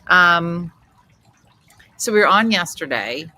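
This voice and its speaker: Animated New Jersey woman host. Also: fairly low pitch, slow. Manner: loud, animated storyteller. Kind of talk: casual livestream chat.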